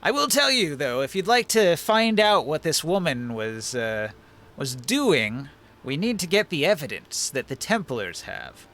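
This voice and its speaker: An old dwarf innkeeper talks in a measured, confiding way, as a man puts him on. His voice sits a touch high and rises and falls a lot. It is a tabletop role-play scene. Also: big pitch swings, sharp tone, heavily acted.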